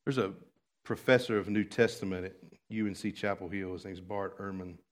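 A man's voice: deep voice, steady tone, normal speed. Impassioned preacher man. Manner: swings from hushed asides to loud impassioned preaching. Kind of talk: sermon.

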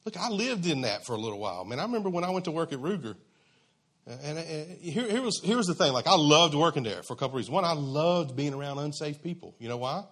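A man's voice: a little high, big pitch swings, fast, fairly bright tone, husky. A man preaching a sermon in a conversational, emphatic, folksy way.

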